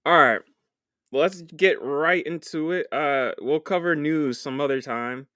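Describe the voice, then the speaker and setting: A man's voice: fairly high pitch, a little slow, bright, forceful tone, no echo, studio quality. A man co-hosting a casual film podcast, joking, swearing and laughing a lot. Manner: joking, profane, laughs often. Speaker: podcast co-host.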